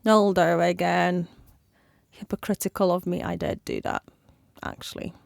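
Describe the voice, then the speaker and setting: A woman's voice: on the low side, huge pitch swings, moderate pace, gravelly, darkish tone, no room sound, studio quality. A woman giving casual reaction commentary in a sympathetic, chatty, giggly way. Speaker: reaction video host.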